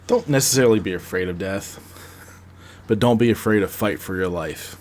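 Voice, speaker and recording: Man casually recapping a film, low voice. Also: moderate pace, a little mellow, slight background noise. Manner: rambling, conversational, frequent restarts. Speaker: podcast host reviewing a film. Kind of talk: casual plot recap and review.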